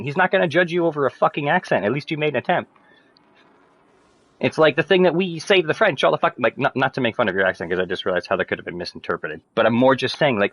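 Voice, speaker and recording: Fast-talking, profane man. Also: mid-range voice, no room sound, poor audio. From Canada. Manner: profane, rambling, gets loud and emphatic. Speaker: streamer. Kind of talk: casual rant to viewers.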